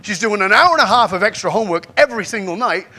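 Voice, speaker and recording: An angry father, loud and indignant, as a male speaker acts him out. The voice climbs well above the speaker's own and sounds strained, bright and forceful. He sounds fed up with his stubborn daughter. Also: sits high, animated, fast, pitched above the performer's own voice, exaggerated voice. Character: exasperated father, middle-aged man, angry.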